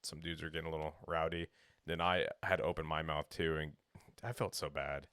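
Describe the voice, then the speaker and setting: A man's voice: a bass voice, flat delivery, fairly quick, a bit bright, clear, resonant tone, no echo, clean studio sound. A young man co-hosting a podcast, telling a long jokey story in casual banter and acting out the people in it. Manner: rambling storyteller, jokey, acts out quotes. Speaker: podcast co-host.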